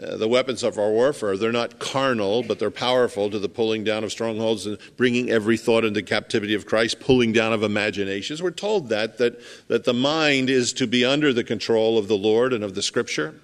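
A man preaching a sermon in a conversational way, acting out scenes and swinging from loud to hushed. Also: lowish voice, fairly quick, few pauses. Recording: long hall reverb.

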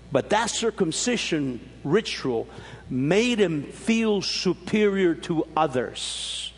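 A man preaching a sermon, telling stories animatedly with emphatic rises and frequent restarts, his voice husky. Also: sits high. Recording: long reverb of a large hall.

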